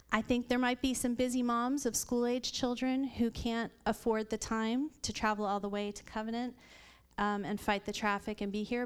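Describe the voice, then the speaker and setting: A woman's voice: medium pitch, smooth. A woman in her thirties sharing an earnest personal testimony at a women's Bible study. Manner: earnest, warm storytelling with light laughs. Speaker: church member sharing a testimony.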